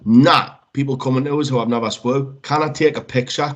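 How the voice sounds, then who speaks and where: A man, a wrestler, chatting casually as a podcast guest, telling lively stories that he acts out and peppering them with swearing. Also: mid-range voice, a little fast, hardly any pauses, highs cut off. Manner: lively storyteller, swears freely, acts out quotes.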